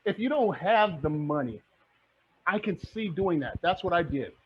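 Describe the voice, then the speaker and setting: A man's voice: sits high, lively intonation, moderate pace, slight background noise. A middle-aged man giving a motivational talk as a real estate mentor, fired up and repeating his points like a preacher. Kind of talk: motivational presentation. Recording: muffled lo-fi audio.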